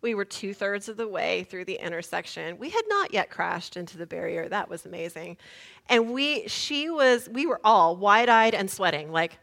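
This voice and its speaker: A woman preacher, telling a lively story in a sermon and shouting the lines she retells. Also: mid-range voice, normal speed, vocal fry.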